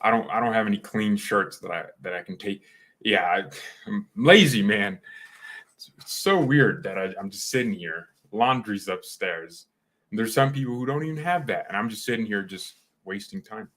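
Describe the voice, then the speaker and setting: A young man chatting casually on a live stream, rambling and excitable, full of slang and quick restarts. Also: fairly low pitch.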